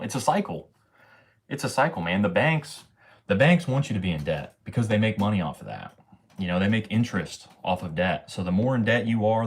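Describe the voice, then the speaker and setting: A man's voice: fairly low pitch, slightly rough. A man in his twenties hosting a casual livestream, talking to chat in a slangy, profane way and tagging sentences with bro and man. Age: 20s. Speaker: livestream host.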